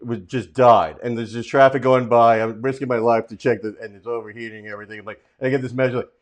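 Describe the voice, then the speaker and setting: A man, a comedian guest on a casual chat show, tossing out dark deadpan jokes. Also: medium pitch, fast talker.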